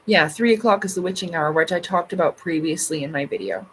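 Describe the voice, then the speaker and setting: A woman's voice: on the low side, sing-song, fast talker, a bit bright, husky, poor audio. A woman hosting a casual livestream, chatting loosely with her viewers, full of fillers and swearing freely. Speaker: livestream host. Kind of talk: casual live chat reading comments.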